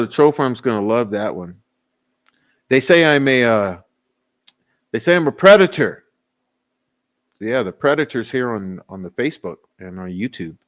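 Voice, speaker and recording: A man hosting a livestream, casually joking with his chat and laughing often, a little tipsy. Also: on the low side. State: tipsy, giggly. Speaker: livestream host. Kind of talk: casual live chat sign-off.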